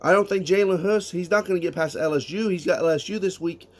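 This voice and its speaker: A man's voice: high voice, fast. A man giving casual solo sports talk, emphatic, reading out statistics and asking rhetorical questions. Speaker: sports commentator.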